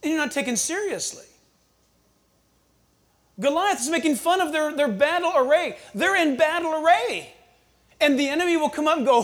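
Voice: high-pitched, lively intonation, normal speed, long pauses. A preacher giving a conversational sermon, asking the congregation rhetorical questions and acting out little scenes. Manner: acts out scenes with quoted voices.

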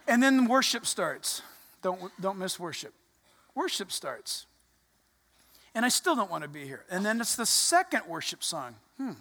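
A pastor preaches a conversational sermon in a church sanctuary, animatedly acting out little quotes as the story unfolds. The voice is medium-pitched at normal speed, and the recording echoes with the reverberant church hall.

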